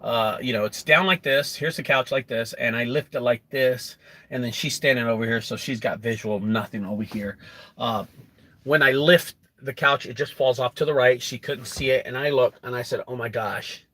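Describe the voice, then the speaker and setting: A young adult man who runs a junk removal business, telling a story to camera in an animated way and acting out quotes. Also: moderate pace. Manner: animated, acts out quotes with rising pitch.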